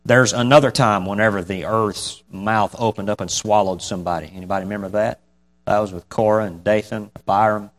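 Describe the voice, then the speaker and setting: A man's voice: fairly low pitch, moderate pace. A man preaches an informal sermon. He reads the old scripture wording, then talks through it in a plain, folksy way and chuckles between points. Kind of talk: casual sermon.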